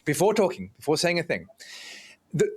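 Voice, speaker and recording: A man as a podcast guest, explaining relationship repair calmly and acting out example lines between partners. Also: fairly high pitch, normal speed, breathy edge. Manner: calm, explanatory, acts out example dialogue.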